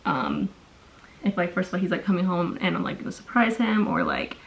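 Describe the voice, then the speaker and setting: A woman's voice: on the low side, wildly swooping pitch, fairly quick, poor audio. A young adult woman vlogger telling a long story in casual chat while doing her makeup at home, with lots of fillers.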